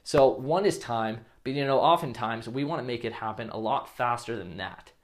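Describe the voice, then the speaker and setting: A man's voice: medium pitch, moderate pace. Blunt male dating coach, casual vlog delivery. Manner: blunt, swears casually, acts out example lines.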